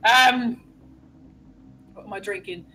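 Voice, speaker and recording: A woman's voice: a little high, slow, sharp tone, slight background noise, low-quality recording. Giggly swearing woman chatting at a game table. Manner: giggly, swears freely, lots of ums. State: tipsy from beer. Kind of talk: casual out-of-character chat.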